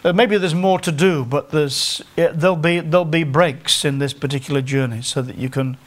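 Speaking at normal speed in a slightly high voice, this middle-aged man preaches with a North Staffordshire English accent. His sermon is conversational and self-deprecating, and he frequently halts to begin phrases again.

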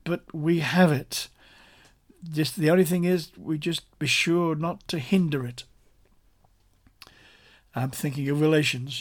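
A male preacher teaching a sermon at an unhurried pace. His voice sits a little high for a man, and he presses his points earnestly through repetition. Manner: earnest, explanatory, emphatic repetition.

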